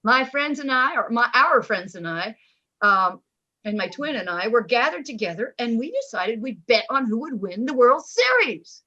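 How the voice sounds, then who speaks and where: A woman's voice: a little high, big pitch swings, moderate pace, pushed and bright. A woman in her sixties from Oklahoma telling a personal story over a video call, chatty and enthusiastic. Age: 60s. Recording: muffled video call audio.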